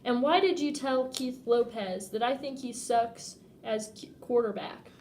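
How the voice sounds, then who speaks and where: Woman doing a furious seventh-grade bully, accusing, somewhat high. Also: unhurried, a little mellow, lightly acted. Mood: angry. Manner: accusing, hissing questions.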